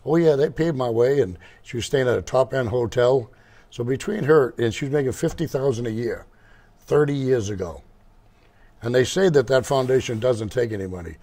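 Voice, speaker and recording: Gravelly older man telling stories. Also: medium pitch, normal speed, darkish tone. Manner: rambling, digressive, restarts. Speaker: motorcycle shop owner, guest. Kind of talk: casual storytelling interview.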